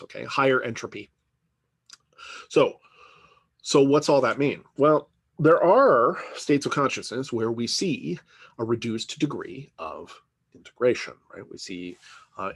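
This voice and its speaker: A man's voice: medium pitch, husky, no echo. A man giving a conversational university lecture, often checking in with "right?" and filler words. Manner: conversational, peppered with "right?" and "you know".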